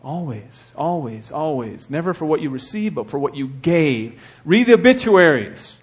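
A man preaching a sermon as the church's pastor, swinging between hushed, earnest talk and loud, fervent exhortation. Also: on the high side, animated, moderate pace, husky.

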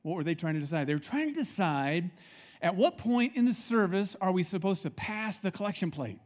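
A middle-aged male pastor preaching a sermon in a church, telling stories with lively acted-out quotes. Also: high-pitched, a little fast. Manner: animated storytelling, acts out quoted people.

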